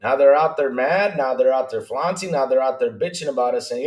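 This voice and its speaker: A man hosting a gaming podcast livestream, chatting casually, greeting viewers by name and teasing in a lively way. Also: medium pitch, fairly quick, hardly any pauses. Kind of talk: casual livestream chat reading viewer comments. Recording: roomy echo.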